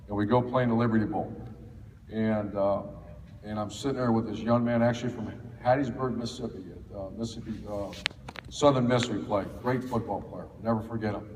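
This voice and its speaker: A man's voice: on the low side, darkish tone, distant mic, a little hiss or hum. A middle-aged man from Ohio, a football coach telling folksy stories to a clinic audience, with lots of fillers and restarts. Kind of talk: storytelling talk to an audience. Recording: echoey hall, faint ambience.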